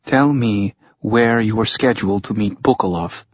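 A man's voice: on the high side, animated, normal speed, a bit bright, breathy edge, dry recording, pitched above the performer's own voice. A man voicing a female sniper who speaks in clipped, commanding threats. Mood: demanding. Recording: dull lo-fi audio.

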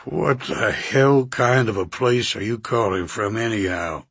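A husky-voiced man playing a suspicious older country doctor who talks in a slow, deep drawl. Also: fairly bright tone, dry recording, heavily acted. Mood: gruff. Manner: slow, stubborn, guarded.

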